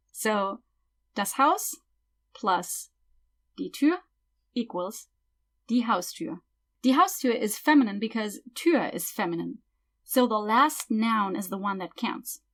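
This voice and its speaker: Woman, language teacher, mid pitch, patient tutorial delivery, slow deliberate example words, soft trailing phrase ends. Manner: slow careful word-by-word example pronunciation. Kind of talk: explanatory tutorial.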